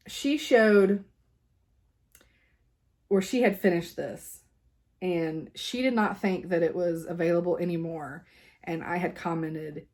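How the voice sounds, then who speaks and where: A woman's voice: lowish voice, gravelly, darkish tone. A woman, chatting casually as a cross-stitch vlogger at her home craft desk, rambling with lots of fillers and laughs.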